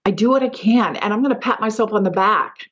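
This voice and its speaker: A woman's voice: medium pitch, lively intonation, a little fast, lo-fi sound. A middle-aged woman hosting a podcast, giving an emphatic motivational talk and repeating mantras. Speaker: podcast host.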